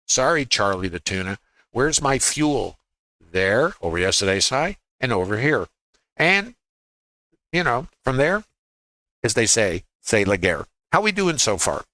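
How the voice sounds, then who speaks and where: A man's voice: mid-range voice, big pitch swings, unhurried, long pauses, pushed and bright. A man with a Brooklyn accent teaching a livestream trading lesson in a folksy way, asking rhetorical questions and tossing off quips. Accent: New York, Brooklyn. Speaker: trading educator. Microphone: laptop.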